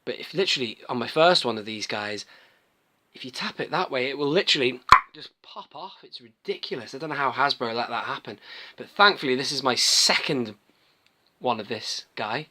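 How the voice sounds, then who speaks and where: Male collector vlogger, casual show-and-tell, crisp bright tone, enthusiastic and digressive. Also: medium pitch, expressive, normal speed. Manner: rambling, enthusiastic, restarts often.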